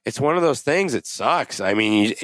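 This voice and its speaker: A man's voice: mid-range voice, expressive, moderate pace, fairly bright tone, no echo. A man co-hosting a podcast who talks casually with blunt, emphatic reactions. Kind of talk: casual chat.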